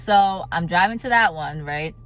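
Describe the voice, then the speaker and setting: A young adult woman telling a casual storytime vlog, animated and laughing often. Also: fairly low pitch, normal speed, highs cut off, noisy background. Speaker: vlogger.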